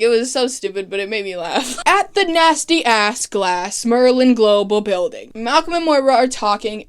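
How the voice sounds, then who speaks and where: A woman casually recapping a TV season, sarcastic and swearing freely, with chatty asides. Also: fairly high pitch. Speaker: TV recap vlogger. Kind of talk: casual, profane recap commentary.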